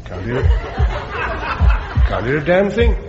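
A man's voice: a little high, sing-song, unhurried, over music, crowd noise. An actor playing a jolly, flippant bomb-disposal officer who chuckles as he talks. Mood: breezy. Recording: dull, roomy sitcom soundtrack with long reverb and noise.

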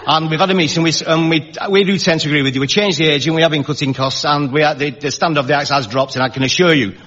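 A fussy, self-important male concert secretary drones through club announcements, as a man acts him out. He talks fast, with a slightly husky edge, and the sound is a little muffled, like an older television recording. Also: on the high side, fairly even intonation, fairly bright tone. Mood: pompous. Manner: officious, long-winded announcements.

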